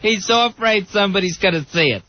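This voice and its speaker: A man's voice: high voice, expressive, fast, slight background noise. A man co-hosting a radio show, joking and laughing along in casual banter. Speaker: radio co-host. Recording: muffled radio broadcast audio.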